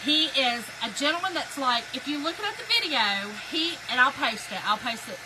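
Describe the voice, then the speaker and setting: Her voice sits high and her speed is normal as this crafting livestream host animatedly tells viewers a story, chatting away and saying "y'all." The background is noisy.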